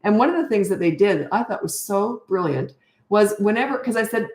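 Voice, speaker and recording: A woman's voice: medium pitch, animated, a little fast, darkish tone. A middle-aged woman parenting coach talking casually through a live Q&A. She is tired and chatty, and often drifts off on tangents. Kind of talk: live Q&A chat. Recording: roomy echo.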